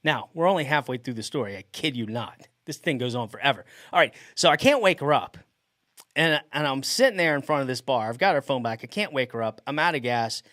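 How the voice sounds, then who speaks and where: A man's voice: mid-range voice, fairly quick, dry recording. Man telling a wild story, dry sound. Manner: animated, laughs often mid-sentence. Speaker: podcast host. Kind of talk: casual storytelling.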